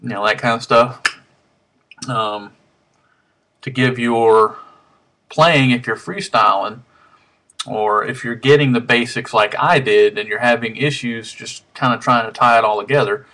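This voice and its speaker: A harmonica hobbyist rambles through a casual webcam vlog in a room at home, with lots of ums and restarts. His mid-range voice has a sharp tone and a measured pace, and he sounds slightly out of breath.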